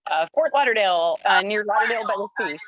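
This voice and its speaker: A woman's voice: mid-range voice, animated, quick pace, a bit bright, no room sound, muffled recording. A woman from South Florida on a casual video call, easygoing with brief answers. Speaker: group member on a call.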